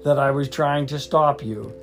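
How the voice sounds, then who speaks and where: A man's voice: medium pitch, moderate pace, over music, natural voice. A man reading as an indignant schoolgirl witch. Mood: insistent. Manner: indignant, scolding. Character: bossy know-it-all schoolgirl witch.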